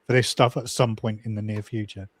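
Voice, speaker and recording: A man who works as railway station staff, talking on a casual panel chat and explaining things as he trails off softly. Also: fairly low pitch, little pitch movement, fairly quick. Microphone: video call panel.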